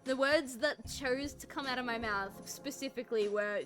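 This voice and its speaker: Woman streamer in her twenties or thirties, bright and fairly high, casual and giggly, with soft music under her. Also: unhurried, long pauses. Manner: animated storyteller, laughs often, self-mocking. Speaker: art streamer. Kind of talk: casual chat with stream viewers.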